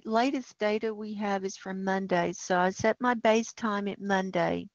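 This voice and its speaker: A woman hosts a livestream, talking slowly and with rising alarm as she points out data on a map. The sound is dry and a little dull, with no room around it. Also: mid-range voice, no echo. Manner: alarmed, ranting, talks over a map. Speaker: livestream host. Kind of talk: livestream commentary on data maps.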